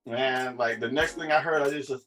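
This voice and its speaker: A man's voice: mid-range voice, fairly quick. A man co-hosting a podcast in casual chat, telling stories with lots of laughter. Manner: laughs often, animated storytelling. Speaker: podcast co-host.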